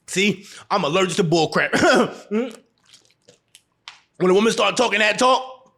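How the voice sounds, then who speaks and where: A man with a fairly high voice delivers a casual advice monologue straight to camera. He talks bluntly and with a lot of swing in his pitch. He laughs often and repeats phrases to drive each point home. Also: expressive, drawn-out words, gravelly, pauses often, pushed and bright. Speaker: relationship advice vlogger.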